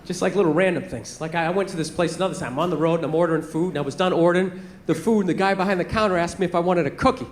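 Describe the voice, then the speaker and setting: Loud, high-voiced comedian in his forties. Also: very fast. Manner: loud, passionate, near-yelling delivery. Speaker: stand-up comedian. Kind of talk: stand-up comedy set. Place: comedy club stage before a laughing audience. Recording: roomy club sound with loud crowd laughter.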